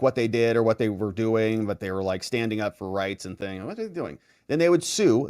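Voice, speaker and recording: A man's voice: medium pitch, a little mellow, no room sound, clean studio sound. A man giving casual legal commentary as he reads through documents, with sarcastic, conversational asides. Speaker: lawyer commentator.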